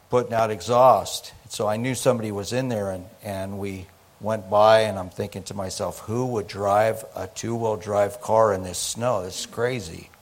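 A preacher reading scripture and telling a personal story, acting out the dialogue. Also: male voice, lowish voice. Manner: animated, acts out the dialogue in his story. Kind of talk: sermon storytelling.

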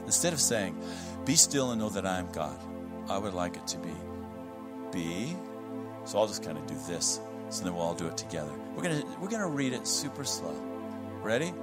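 Man, guest preacher, casual sermon, light humor, soft new-age music behind. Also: fairly low pitch, very animated, a little fast.

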